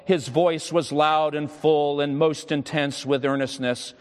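A man's voice: on the high side, steady tone, normal speed, hardly any pauses. A pastor, a man, preaching a sermon with solemn storytelling and prayer in a church hall. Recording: long hall reverb.

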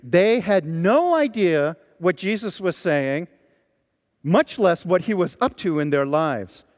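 A man preaching a sermon, telling stories with lively emphasis as a pastor. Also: high voice, long reverb tail. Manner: animated storytelling preacher.

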